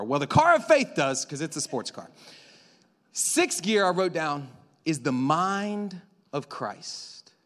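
A young man in his twenties preaches a sermon in a church sanctuary, his voice sitting a little high. He swings between excited, loud bursts and soft, intimate passages. A long hall reverb trails behind every phrase. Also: a little slow. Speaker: pastor.

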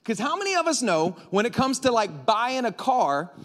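A man preaching a sermon into a microphone, animated and breaking into yelling at times. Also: extremely high pitch, moderate pace. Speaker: pastor. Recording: reverberant hall.

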